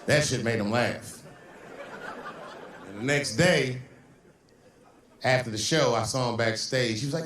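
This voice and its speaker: Profane storytelling comedian in an echoey hall. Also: male voice, medium pitch, normal speed, pauses often, fairly bright tone. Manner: profane, storytelling, mimics people in quotes. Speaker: stand-up comedian. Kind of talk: stand-up routine. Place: stage in a large venue. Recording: echoey hall from far off, faint noise.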